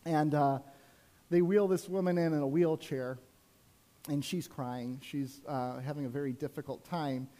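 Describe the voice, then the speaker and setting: A man's voice: fairly high pitch, steady tone, unhurried, mellow. A man preaching a sermon as a pastor, telling personal stories in a conversational way with frequent asides to the congregation.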